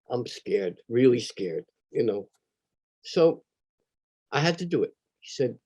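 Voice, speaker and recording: An older man telling a personal childhood story in an animated, conversational way. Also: medium pitch, unhurried, breathy edge. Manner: animated, conversational, acts out quoted voices.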